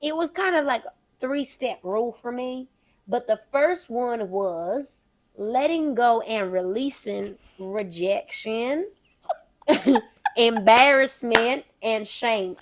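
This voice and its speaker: A woman's voice: on the high side, animated, unhurried. A young woman co-hosting a podcast, chatting bluntly and sassily in a put-on Southern accent and swearing freely. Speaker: podcast co-host. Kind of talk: casual chat.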